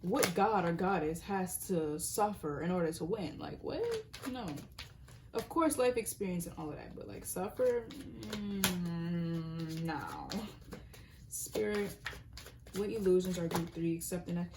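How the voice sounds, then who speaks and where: A young woman with a fairly low voice talks through a tarot reading in a loose, rambling way. She circles back on her points and keeps cutting herself off. A faint hiss sits under her close, homemade recording. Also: unhurried. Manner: rambling, earnest, self-interrupting, sometimes laughing or dropping to a whisper. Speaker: tarot reader. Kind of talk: casual spoken tarot reading.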